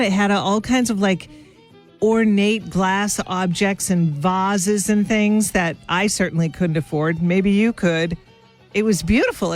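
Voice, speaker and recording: A woman hosting a morning radio show, chatting casually and self-deprecatingly with her listeners as if they were friends. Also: mid-range voice.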